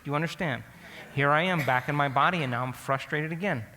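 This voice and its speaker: Guy teaching a crowd, acts out his own thoughts, sharp tone, echoey big hall. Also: on the high side, fast talker, slight background noise. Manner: animated, asks the audience direct questions. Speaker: speaker teaching an audience. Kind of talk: storytelling lecture.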